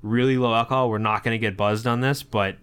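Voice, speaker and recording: Speaking fast in a clean, fairly bright mid-range voice with fairly even intonation, this podcast co-host from Florida chats casually. He's enthusiastic and rambling, using lots of filler words.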